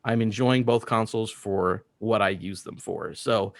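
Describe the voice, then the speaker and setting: A man's voice: fairly low pitch, steady tone, unhurried, dry recording, clean studio sound. A man co-hosting a gaming podcast, rambling enthusiastically while a bit drunk. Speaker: podcast co-host. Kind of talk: casual chat.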